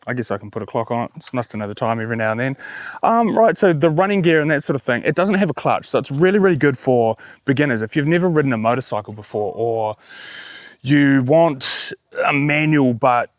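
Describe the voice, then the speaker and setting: A relaxed man with a New Zealand accent talks in an easygoing, rambling way, full of little fillers and self-corrections. His voice sits in an ordinary middle pitch. The recording is dry, with little room sound around him. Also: no room sound, low-quality recording. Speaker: vlogger. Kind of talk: casual vehicle review.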